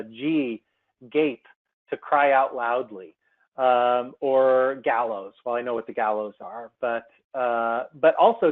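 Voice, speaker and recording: A man presenting a software seminar by screen share, talking through it casually with many ums and restarts. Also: mid-range voice. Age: adult. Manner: chatty, many fillers and restarts. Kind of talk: screen-share webinar demo. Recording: tinny phone-like webinar audio.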